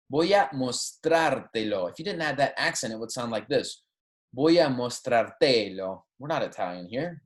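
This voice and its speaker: A man teaching a recorded language lesson, explaining patiently and often checking in with "right?" while modeling phrases slowly. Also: medium pitch. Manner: switches between English and Spanish, models pronunciation slowly. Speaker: Spanish teacher.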